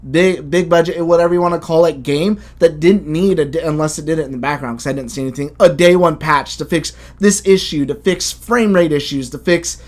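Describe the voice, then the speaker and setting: A man hosting a casual game review chat, animated and blunt, swearing freely as he talks. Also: on the high side, brisk, hardly any pauses. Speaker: video game podcast host.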